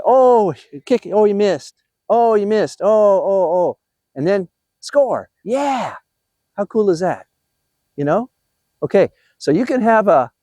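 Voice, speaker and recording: An older man giving a motivational talk to new youth soccer coaches, animated and encouraging, often checking in with his listeners. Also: on the high side, no room sound, clean studio sound.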